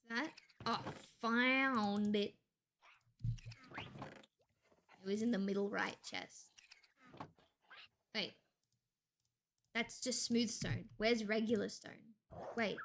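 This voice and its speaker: A woman streamer talks through her game in a loose, chatty way, thinking out loud and cursing offhand. Her voice is bright and forward, with a faint hiss of noise under it. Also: medium pitch, drawn-out words, long pauses. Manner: chatty, thinks aloud, casual swearing. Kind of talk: casual gameplay stream chat.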